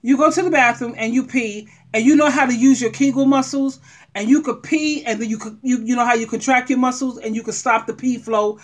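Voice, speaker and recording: A middle-aged woman giving blunt, animated relationship advice straight to her viewers. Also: a little high, fairly quick. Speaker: advice vlogger. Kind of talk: frank advice monologue.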